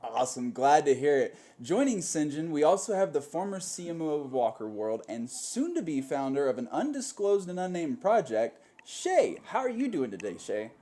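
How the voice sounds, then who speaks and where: A man's voice: fairly high pitch, sing-song, normal speed, hardly any pauses, mellow. A man hosting a panel web show with upbeat show-host patter.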